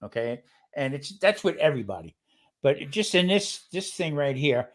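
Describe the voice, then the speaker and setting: A man's voice: fairly high pitch, sing-song, normal speed. Emphatic man chatting on a podcast. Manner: emphatic, says "okay" to drive points home. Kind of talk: casual chat.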